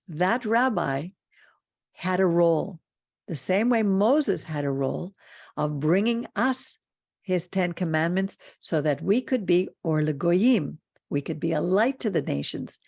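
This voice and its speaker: With a lowish, creaky, slightly mellow voice, this Torah study host speaks in an animated yet measured way, earnest and emphatic. Her teaching talk ends with a closing blessing, captured in studio quality without any room sound.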